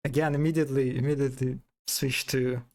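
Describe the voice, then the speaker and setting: A man's voice: mid-range voice, flat delivery, brisk, darkish tone. A man streaming live in casual commentary, amused, often restarting his sentences and imitating animal sounds.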